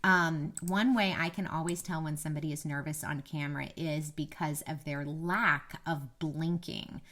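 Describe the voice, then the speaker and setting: A woman's voice: low voice, fairly even intonation, normal speed, fairly bright tone. Chatty woman, mild Southern lilt. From Kentucky, USA. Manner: chatty, self-deprecating, laughs easily. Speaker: media coach, former TV reporter. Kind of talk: casual to-camera tips.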